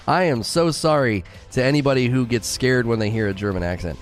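A man's voice: medium pitch, moderate pace, faint music behind. A man streaming a game and chatting casually with his viewers, giggly and rambling, laughing often at his own jokes. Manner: rambling, with many fillers and restarts. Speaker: game streamer talking to chat. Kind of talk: casual live-stream chat.

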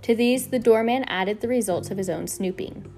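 A woman reading a children's novel aloud in a steady, unhurried storytelling voice. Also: fairly high pitch, soft background music. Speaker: reader.

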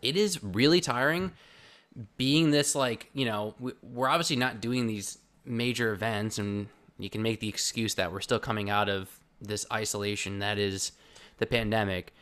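A man's voice: fairly low pitch, normal speed, fairly bright tone. A man hosting a casual podcast, easygoing and chatty, talking through his interviews. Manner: easygoing, laughs, casual fillers. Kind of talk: casual chat.

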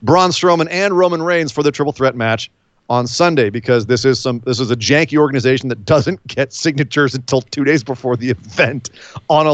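A man's voice: mid-range voice, no echo. Joking man recapping wrestling, lo-fi. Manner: joking, rambling, animated. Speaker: podcast co-host. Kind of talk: casual wrestling recap chat.

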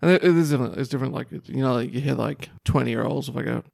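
A man's voice: medium pitch, racing, gravelly, a little mellow, dry recording, clean studio sound. A young man with a New Zealand accent, co-hosting a podcast in casual chat, reading news stories aloud with crude jokes and rambling fillers. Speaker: podcast co-host.

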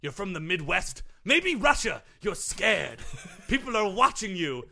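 A man's voice: high voice, sing-song, unhurried, creaky, bright, forceful tone, full character voice. A man playing a smug, eccentric male tennis grunt coach in an improvised comedy sketch, talking in a pompous, theatrical way. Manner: pompous, theatrical, over-the-top. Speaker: comedy podcast sketch performer.

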